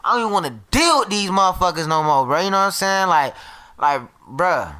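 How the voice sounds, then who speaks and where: Young guy rambling in casual chat, bright voice, kinda high. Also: expressive, brisk. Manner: rambling, lots of fillers and slang.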